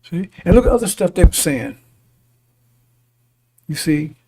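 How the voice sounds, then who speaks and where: A man's voice: on the high side, big pitch swings, a little slow, darkish tone, recorded from a distance. A man preaching to a congregation in a rambling commentary, stumbling over and repeating words, chuckling between points and often asking "see?". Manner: chuckles between points, turns emphatic at times. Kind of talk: rambling sermon-style commentary.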